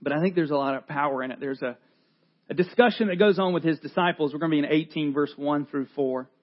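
A man in his forties preaches a sermon, his voice sitting fairly high. He speaks earnestly and conversationally and often restarts his phrases. The audio is slightly dull and lo-fi. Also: fast talker. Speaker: pastor.

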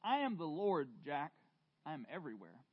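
A man preaching voices God speaking down to a man on a cliff, calm, quiet and gently firm. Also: a little high, moderate pace, husky, dry recording, dull audio.

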